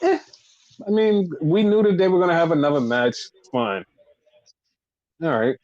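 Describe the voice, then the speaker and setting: A man co-hosting a podcast, casually recapping wrestling in animated, profane storytelling that acts out the quotes. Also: on the high side, normal speed. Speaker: podcast co-host. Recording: dull lo-fi podcast audio.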